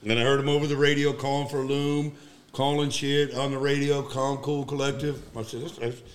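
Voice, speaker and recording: A man, a retired Marine gunnery sergeant, telling war stories in an emphatic, profane, animated way. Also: medium pitch, brisk. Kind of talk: casual war storytelling.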